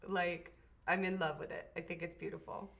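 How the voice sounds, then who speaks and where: A woman's voice: on the low side, little pitch movement, moderate pace, vocal fry, a bit bright. A woman from Maine hosting a nail art livestream, chatting in a bubbly, enthusiastic way. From Portland, Maine. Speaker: show host. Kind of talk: casual livestream chat.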